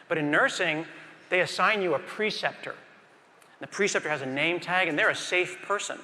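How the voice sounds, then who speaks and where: Speaking at normal speed in a slightly high voice, a middle-aged keynote speaker tells stories with great animation on a large conference stage. He acts out scenes and talks directly to the crowd, and the hall's reverb carries through the recording.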